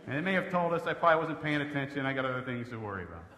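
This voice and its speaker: A man performs a sarcastic, exasperated stand-up comedy routine on a live stage in an echoey hall. He speaks rapid-fire at medium pitch with lively intonation, and the recording picks up the hall's echo and background noise.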